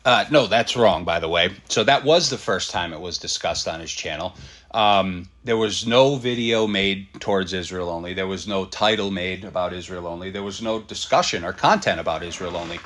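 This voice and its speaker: A man hosting a reaction show, pausing a video to comment in a blunt, fired-up, casual way, with some swearing and many fillers. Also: low-pitched, fairly bright tone. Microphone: computer setup at a desk.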